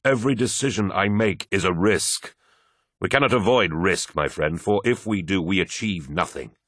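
A man's voice: sits low, moderate pace, fairly bright tone, husky, dry recording, studio quality. A man voicing a proud, imperious male warlord in an audiobook reading, with stern, lofty speech.

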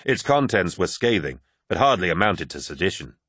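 A man narrating an audiobook with a husky, fairly low voice. His delivery is steady and dramatic with lively shifts in pitch, and the recording is close and dry. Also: brisk, dry recording. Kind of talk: scripted narration.

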